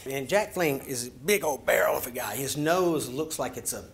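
A man's voice: medium pitch, moderate pace. A man, telling a story in a lecture, acting it out animatedly and dropping to whispers. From Georgia, USA. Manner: animated, acts out scenes, drops to a whisper. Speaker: storyteller giving a talk.

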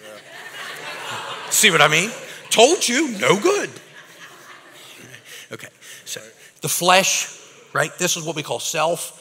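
A man preaching a lively, casual sermon to a live audience, talking like a regular guy and calling people bro and man. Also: on the high side, unhurried, pauses often. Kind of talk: energetic recovery-ministry sermon. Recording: reverberant hall.

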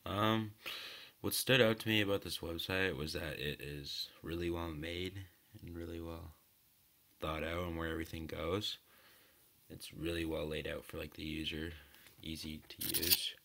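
A man reviewing a website aloud, reading its questions and thinking out loud in a casual, hesitant way with many ums and likes. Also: deep voice, flat delivery, unhurried, creaky. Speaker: website tester.

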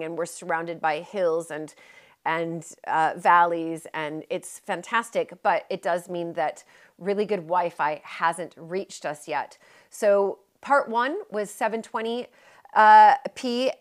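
Chatty American woman vlogger, mid-range voice, casual live-stream delivery with fillers and self-corrections. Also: medium pitch. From United States. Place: historic manor house in rural southwest England.

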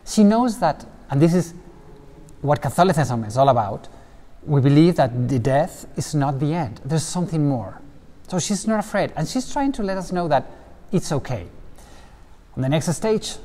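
Lively man guiding through an echoing cloister. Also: fairly high pitch. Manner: lively, explaining with asides. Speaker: tour guide. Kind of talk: casual guided tour. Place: stone cathedral cloister, indoors. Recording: long reverb of a stone cloister.

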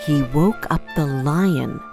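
A woman narrating a children's storybook in a gentle, expressive way. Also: low voice, takes it slowly. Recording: studio voice-over with music. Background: music.

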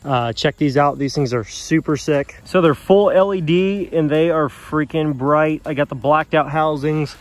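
A man casually talking about his pickup truck, animated and slangy, addressing his viewers directly. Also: fairly high pitch, a little slow, hardly any pauses. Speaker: truck vlogger. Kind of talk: casual vlog talk.

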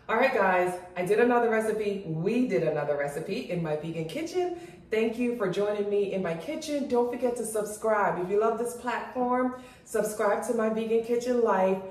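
A woman with a Jamaican accent hosting a casual home cooking vlog, chatty and excitable as she talks to her viewers. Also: mid-range voice. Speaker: cooking channel host. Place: home kitchen. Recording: very echoey room, mic far off.

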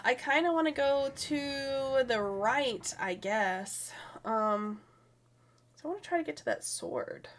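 A woman's voice: high voice, animated, slow pace. A young woman streaming a video game, giggly and chatty, talking to the characters on screen. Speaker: gaming streamer. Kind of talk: casual let's-play commentary. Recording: faint game music behind.

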